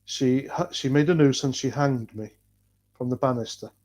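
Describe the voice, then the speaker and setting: The voice is a man's, medium in pitch, moderately paced and a little mellow. As a livestream host from North Wales, he reads out chat in a North Welsh accent, blunt and rambling, with plenty of swearing.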